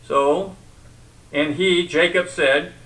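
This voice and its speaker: Guy preaching, kinda high bright voice, mic a bit far off, chatty bible teaching. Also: fairly even intonation, takes it slowly. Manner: conversational Bible teaching with asides and questions to the congregation. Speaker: pastor. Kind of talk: sermon.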